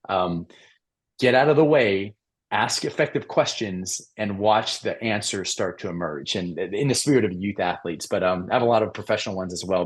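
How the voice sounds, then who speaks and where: A middle-aged man, a mental performance coach, talking earnestly in an interview and acting out the people in his stories. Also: lowish voice. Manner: earnest, acts out quoted voices in stories. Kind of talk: conversational storytelling interview.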